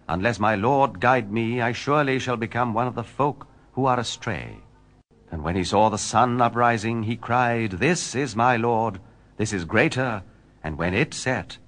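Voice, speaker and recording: A man reading scripture aloud in a measured, solemn, formal way. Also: lowish voice, a bit bright. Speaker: scripture reader.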